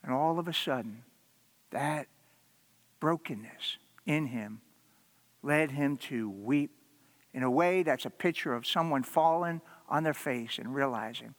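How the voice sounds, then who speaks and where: A man preaching a sermon as a pastor, telling the story dramatically and swinging from loud to hushed. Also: mid-range voice, unhurried, long reverb tail.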